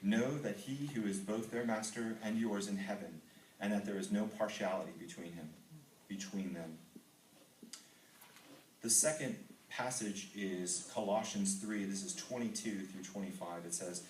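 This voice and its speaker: A man's voice: on the low side, measured pace, darkish tone, a little hiss or hum. A middle-aged man from Texas giving an earnest testimony to a men's ministry group, reading scripture and telling his own story with frequent ums. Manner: earnest, reads scripture then tells personal story with filler ums. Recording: roomy hall, voice from far off mic.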